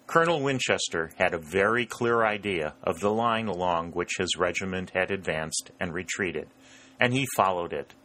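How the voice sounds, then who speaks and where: Deep, bright-voiced male narrator. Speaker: audiobook narrator. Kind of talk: scripted narration.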